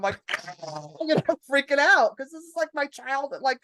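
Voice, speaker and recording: A woman comedian, a podcast guest, telling stories in a lively, profane way and acting out her own panic. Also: high-pitched, moderate pace, slight background noise. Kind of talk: casual podcast storytelling.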